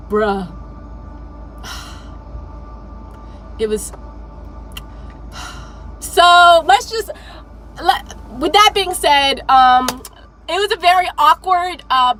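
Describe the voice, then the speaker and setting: Brief: young woman vlogger, high bright voice, casual and animated, swears a lot. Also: takes it slowly, pauses often, rough recording. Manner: animated, profane, laughs often. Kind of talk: casual storytelling to camera.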